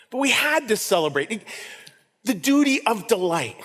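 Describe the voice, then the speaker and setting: A man preaching a sermon as pastor, animated, swinging from loud to hushed. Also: high voice, moderate pace. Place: church hall. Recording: long hall reverb.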